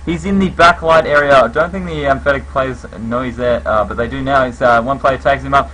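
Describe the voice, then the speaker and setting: Male play-by-play caster, bright and punchy, calls kills with sudden lifts. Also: medium pitch, a little hiss or hum, poor audio. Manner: rapid calls with bursts of excitement on kills. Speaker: esports commentator. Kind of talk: live play-by-play game commentary.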